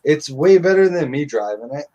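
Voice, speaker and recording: A man's voice: fairly high pitch, lively intonation, moderate pace, warm tone, lo-fi sound. A middle-aged man telling stories in casual live-stream chat, blunt and profane.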